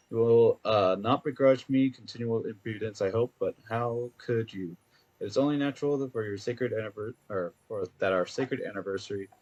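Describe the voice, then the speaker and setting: A man's voice: medium pitch, a little mellow, lo-fi sound, close to an everyday voice. A man reading out the letter of a pompous, flowery-spoken married man in a video game, in grand archaic phrasing with frequent stumbles.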